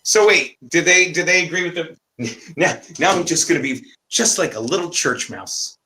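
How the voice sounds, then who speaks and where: A man's voice: on the high side, normal speed, bright, forceful tone. A man co-hosting a casual livestream chat, telling a rambling story while he walks around a house on a phone call. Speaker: co-host of a livestream talk show. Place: walking around a house, indoors.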